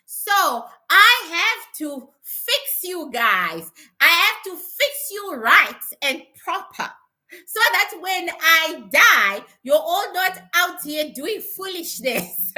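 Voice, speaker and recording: Middle-aged woman, very bright and piercing tone, blunt profane livestream chatter who laughs a lot. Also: very high voice, sing-song, drawn-out words. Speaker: spiritual teacher. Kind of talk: casual livestream chat.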